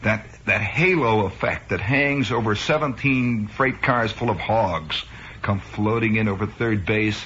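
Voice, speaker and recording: Man in his forties, from Chicago, radio host, wry rambling monologue, bright voice, muffled 1960s radio sound. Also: fairly low pitch, a little hiss or hum. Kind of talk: improvised comic monologue. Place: radio studio.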